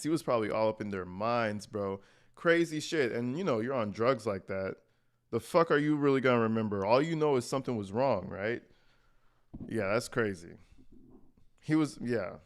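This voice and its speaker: A man giving a casual reaction commentary on news clips, talking bluntly with profane slang and getting excited. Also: mid-range voice, normal speed.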